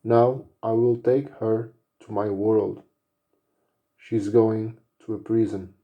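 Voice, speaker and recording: A man's voice: on the low side, steady tone, slow, phone-quality sound. A man voicing a vengeful shadow wizard, speaking in a solemn, vowing way. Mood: grim. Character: vengeful male shadow wizard, grim and determined.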